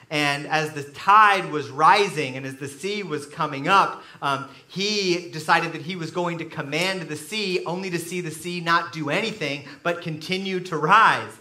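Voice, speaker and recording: A man preaching a sermon as pastor, telling stories with animated, sudden loud bursts. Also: on the high side, roomy sound. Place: church.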